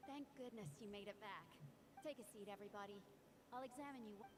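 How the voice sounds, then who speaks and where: A woman voicing a video game character in scripted dialogue, with clear, calm, friendly delivery. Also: medium pitch, a little fast, lightly acted. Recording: game audio with background noise.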